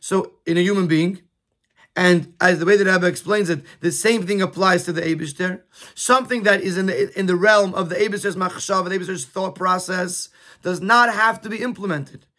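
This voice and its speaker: Guy going through a text, kinda high bright voice, stumbles and repeats words. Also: moderate pace. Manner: repeats words and stammers while explaining. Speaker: Torah teacher. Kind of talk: reading a Yiddish text and translating it into English.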